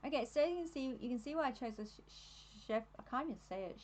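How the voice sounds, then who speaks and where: A chatty young Australian woman talks her way through a live stream, her voice sitting a little high. She is easily distracted and laughs often. A faint hiss of noise sits under her voice. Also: lively intonation, quick pace, poor audio. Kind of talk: casual live-stream commentary while decorating.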